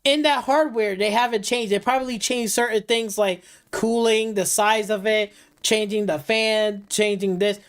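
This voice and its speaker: A woman's voice: medium pitch, steady tone, normal speed. A woman streamer delivering heated, profane gaming commentary on a live stream, repeating and restarting phrases as she rants.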